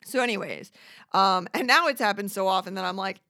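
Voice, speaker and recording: A woman's voice: mid-range voice, brisk, pushed and bright, no echo. A woman rants casually, swearing freely and rambling from one grievance to the next. Her voice sits mid-range and close, with a dry sound and no room around it. She is self-deprecating and slips into little acted voices of other people. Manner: acts out quoted voices. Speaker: monologuist. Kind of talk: casual rant.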